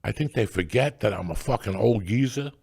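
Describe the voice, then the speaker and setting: Older man in his sixties, husky and gravelly, profane rambling host storyteller. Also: lowish voice, animated, a little fast, darkish tone. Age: 60s. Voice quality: gravelly, raspy. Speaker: podcast host. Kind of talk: casual storytelling chat.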